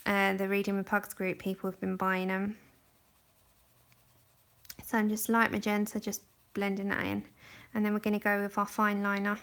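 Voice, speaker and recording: A woman's voice: mid-range voice, completely flat delivery, normal speed, long pauses, fairly bright tone, smooth. A young woman chatting and giggling as she colours on a livestream, talking into a camera set close in front of her face. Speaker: livestream host. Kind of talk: casual chat while colouring. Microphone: camera just in front of her face.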